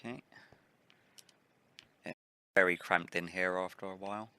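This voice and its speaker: A man with a low, clear voice and a bright, forward edge talks through his building in a relaxed, thinking-aloud way. His voice still has a slight early-morning roughness. Keyboard and mouse clicks tick faintly behind him. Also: measured pace, long pauses. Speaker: let's play host. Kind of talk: casual gameplay commentary.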